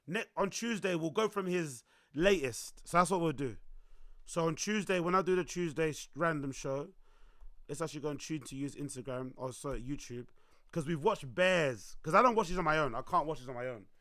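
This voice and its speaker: A young man, his voice worn hoarse, chatting loosely to his livestream audience, repeating himself and swearing as he goes. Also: on the high side, fairly quick, fairly bright tone, no echo, clean studio sound. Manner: loose, repetitive, swearing, talks to chat. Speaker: livestream host. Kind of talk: casual livestream chat.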